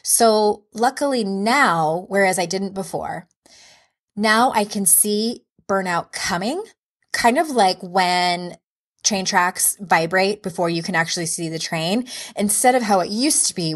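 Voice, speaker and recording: Woman, 30s, life coach hosting a solo podcast; low-ish voice, candid and reflective. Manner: candid, self-reflective, encouraging.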